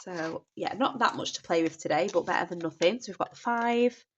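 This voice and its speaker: A woman's voice: on the low side, brisk, a little hiss or hum. Bunged-up chatty Northern woman vlogger. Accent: Northern English. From North West England. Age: 30s. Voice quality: nasal, bunged up. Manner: chatty, apologetic, often restarts and says sorry. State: congested from a cold. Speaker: budgeting vlogger. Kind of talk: casual chat. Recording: dull lo-fi home recording.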